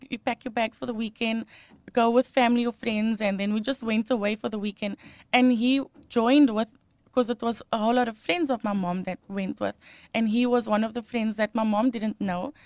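A woman's voice: a little high, dry recording. A woman giving a personal testimony as an interview guest, laughing often and turning emotional.

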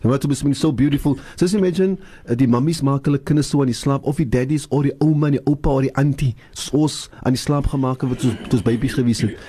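A man's voice: medium pitch, quick pace, mellow, breathy edge. An older man, a sheikh on a religious radio show, who preaches and leads chanting. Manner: preacherly, switching into Afrikaans and leading chanted dhikr.

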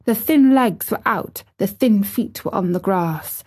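A woman reading a classic novel aloud as an audiobook narrator, with measured, expressive storytelling. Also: medium pitch, breathy edge.

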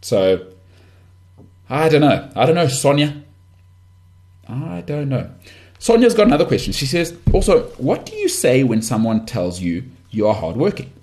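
A man's voice: medium pitch, big pitch swings, normal speed, long pauses, a little mellow. A man with a Johannesburg northern suburbs South African accent, hosting a podcast in a blunt, rambling, candid rant full of restarts and asides. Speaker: podcast host.

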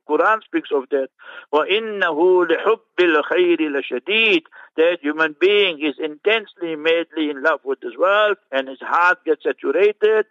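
A man with a fairly high voice delivers a fervent, scornful commentary on a Friday sermon, weaving in rapid Arabic recitations. The sound is dull and muffled, like a radio broadcast, and dry with no room around it. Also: a bit bright, no room sound. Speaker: religious scholar commenting on a sermon.

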